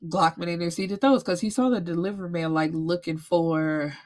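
A woman with a somewhat low voice recaps a novel in a casual chat. She is blunt and profane and tells the plot with animated energy. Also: moderate pace. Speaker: book reviewer.

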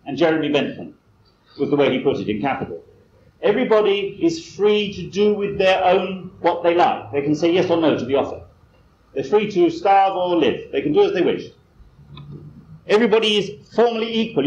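A man's voice: on the high side, darkish tone. A man giving a lecture at a conference, talking in a wry, digressive way with self-deprecating asides. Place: lecture hall. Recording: roomy, muffled cassette recording with faint hiss.

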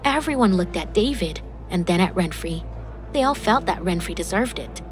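Expressive woman narrating a drama story. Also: on the low side, normal speed, slight background noise. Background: faint background music.

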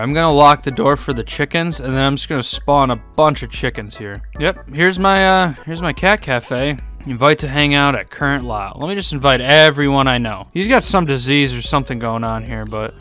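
A young man giving casual, joking commentary over a life-sim game, laughing often and breaking into high squeaky laughter. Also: a little fast, bright, forceful tone, clear, resonant tone. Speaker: gaming YouTuber. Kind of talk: casual Let's Play commentary. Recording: faint game music behind.

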